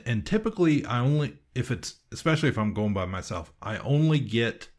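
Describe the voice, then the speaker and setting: A man with a fairly low voice chatting casually on a podcast. He rambles through a story, stopping and restarting often and filling pauses with ums. His tone stays easygoing and conversational. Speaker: podcast co-host.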